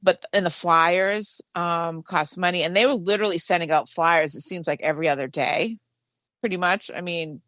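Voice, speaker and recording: A woman's voice: lowish voice, fairly even intonation, normal speed, fairly bright tone, no echo. A woman, co-hosting a talk radio show, explaining at length and laughing easily. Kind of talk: casual talk radio chat.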